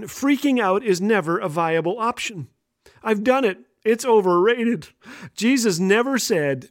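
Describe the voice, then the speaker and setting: A man hosting a radio show, telling humorous stories that lead into a devotional message. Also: dry recording. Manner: lively, playful storyteller with a wide-ranging pitch. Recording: dry studio voice with faint music.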